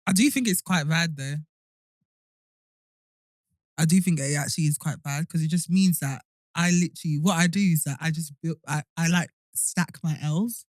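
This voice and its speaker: A woman's voice: deep voice, normal speed, a little mellow, dry recording, studio quality. A young woman co-hosting a podcast, talking bluntly and wryly, swearing freely. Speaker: podcast co-host. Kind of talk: casual chat.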